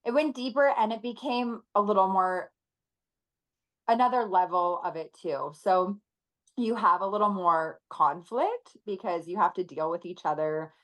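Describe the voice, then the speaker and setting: A woman in her thirties talking earnestly and emotionally as a podcast guest, with many pauses and fillers. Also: mid-range voice, fairly bright tone, low-quality recording. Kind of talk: casual interview chat.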